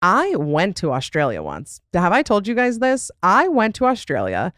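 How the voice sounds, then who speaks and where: A young woman hosting a podcast in a loose, rambling way, dropping "like" all through her talk and laughing often. Her voice sits at a middle pitch and is recorded close and dry. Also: huge pitch swings, normal speed, a bit bright, dry recording. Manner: chatty, rambling, lots of "like" and laughs. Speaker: podcast host. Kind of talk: casual chat.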